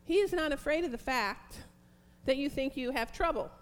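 A woman preaching a fervent, prayerful sermon, reading scripture slowly and emphatically. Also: high-pitched.

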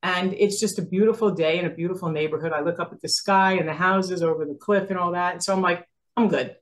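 A woman's voice: fairly low pitch, quick pace. A woman in her sixties from New Jersey, telling a story as a guest in a casual interview and acting out the dialogue, laughing often. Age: 60s. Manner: animated, acts out quoted dialogue, laughs often.

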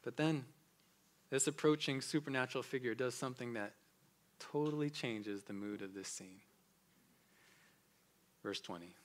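A man pastor preaching a sermon, swinging between loud emphatic peaks and hushed low passages. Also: normal speed, long pauses.

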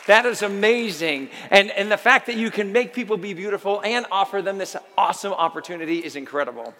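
A man's voice: sits high, brisk, in a large hall. A man emceeing an event, telling a funny story to the crowd and acting out the people in it. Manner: animated, acts out the people in his story.

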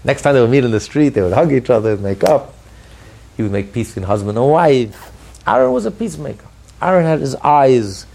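Man, rabbi giving a Torah class, gravelly husky voice, emphatic repetition. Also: medium pitch, darkish tone. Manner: builds emphasis through repeated phrases. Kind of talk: Torah lecture.

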